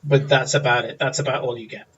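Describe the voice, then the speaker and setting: A man's voice: medium pitch, flat delivery, fast talker, fairly bright tone, dull audio. A man running a tabletop game as game master, easygoing and laughing often, with hesitant fillers.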